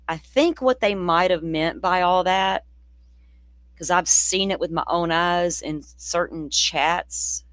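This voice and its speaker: A true crime host from the Deep South, talking in a loose, rambling livestream chat that is blunt, profane and sardonic. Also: measured pace, a bit bright, no room sound. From Florida, near the Alabama state line. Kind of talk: casual livestream commentary.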